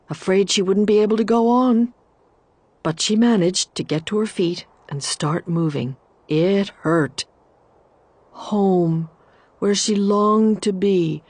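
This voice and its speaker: Woman storybook narrator, expressive, very slow and deliberate. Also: on the low side, no echo.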